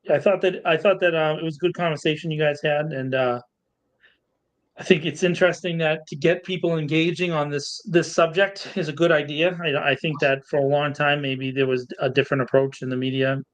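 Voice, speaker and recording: A man's voice: fairly high pitch, fairly even intonation, a little fast, poor audio. A man co-hosting a local podcast, chatting in a loose, friendly way, laughing often and repeating words. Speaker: podcast co-host. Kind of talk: casual podcast chat.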